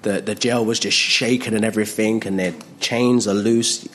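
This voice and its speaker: A man preaching a sermon in a jokey, animated way, acting out voices with big jumps in pitch. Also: normal speed, a little hiss or hum.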